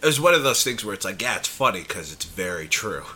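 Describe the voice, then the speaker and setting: A man's voice: lowish voice, big pitch swings, fast talker, sharp tone. A young man co-hosting a podcast in casual chat, chatty, laughing often and trailing off mid-sentence. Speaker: podcast co-host.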